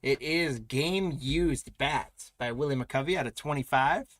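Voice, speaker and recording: A man's voice: mid-range voice, measured pace, fairly bright tone, no echo. A man hosting a live trading card break, announcing pulls and congratulating buyers in an upbeat, chatty way.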